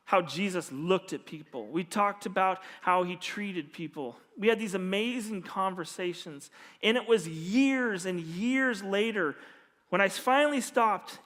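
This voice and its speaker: A man preaching as a pastor, telling a personal story earnestly and dropping to a hushed voice when he quotes others. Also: sits high. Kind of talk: storytelling sermon. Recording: long hall reverb.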